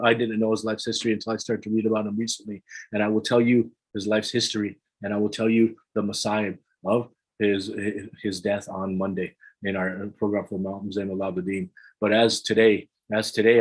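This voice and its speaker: Man preaching with a husky voice. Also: poor audio. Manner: builds to high-pitched impassioned pleading, with many restarts. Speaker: speaker leading a religious gathering. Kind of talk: emotional religious sermon.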